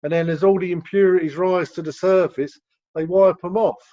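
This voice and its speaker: A man's voice: high-pitched, fairly even intonation, normal speed, warm tone. A man from the United Kingdom leading a recovery group on a video call, talking in a rambling way and restarting his sentences often. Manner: rambling, repeats words when starting sentences. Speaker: rehab director leading a group session. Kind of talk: conversational teaching on a video call. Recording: dull lo-fi video call audio.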